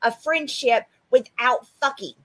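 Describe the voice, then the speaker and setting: A woman's voice: high-pitched, unhurried, pushed and bright. A woman co-hosting a podcast in casual chat, blunt, profane and sarcastic. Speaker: podcast co-host.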